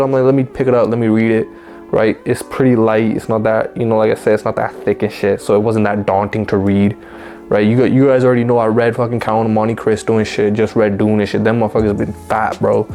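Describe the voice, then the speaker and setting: Laid-back slangy man, lowish voice. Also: a little mellow. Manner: slangy, laid-back, profane, keeps asking "right?". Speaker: book reviewer. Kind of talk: casual book review chat.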